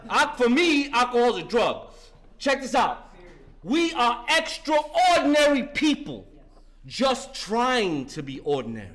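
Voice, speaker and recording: A man sharing his recovery story at an alumni meeting, emphatic and profane, full of slang and restarts, sometimes shouting. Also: very high voice. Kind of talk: personal recovery testimony.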